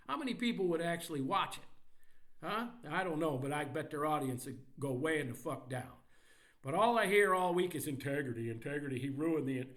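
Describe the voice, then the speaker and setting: A male podcaster with a fairly bright, somewhat high voice launches into a sports rant. He sounds angry and mocking, and his language is heavily profane.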